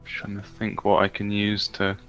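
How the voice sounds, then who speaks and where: A man's voice: fairly low pitch, monotone, normal speed, fairly bright tone, faint music behind. A man playing a tabletop game, thinking aloud with hesitant ums. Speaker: player. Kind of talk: casual tabletop game play.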